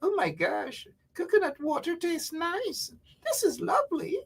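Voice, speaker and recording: A man putting on a gushing, falsetto homesick expat with a Guyanese accent. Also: huge pitch swings, a little slow, creaky, exaggerated voice. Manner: breathless, delighted falsetto. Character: gushing homesick expatriate tasting home fruit.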